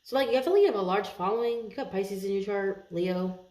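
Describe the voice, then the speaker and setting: A woman does a casual tarot reading for her viewers, chatting and laughing a lot as she thinks out loud, pausing and restarting often. Her voice is warm and medium-pitched, and the room has a noticeable echo.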